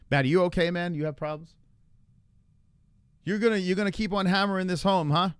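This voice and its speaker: A man's voice: high-pitched, fairly quick, pauses often, clean tone, no room sound, clean studio sound. A man hosting a casual livestream, ranting and joking with chat, often profane and mocking. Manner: ranting, mocking a chatter in a put-on voice; profane and jokey. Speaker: livestream host.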